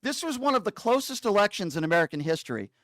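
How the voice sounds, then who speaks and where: A man's voice: high voice, big pitch swings, fast talker, a bit bright, dry recording, clean studio sound. A man hosting a call-in show, berating and insulting a caller, interrupting and repeating his questions insistently. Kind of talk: combative call-in debate.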